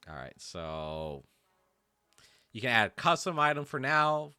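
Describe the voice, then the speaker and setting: A man's voice: mid-range voice, big pitch swings, a little slow, pushed and bright, clean tone, no echo, clean studio sound. A man running a tabletop game as game master, rambling easily with lots of fillers. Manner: easygoing, rambling, full of fillers. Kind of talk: casual narration of a tabletop game.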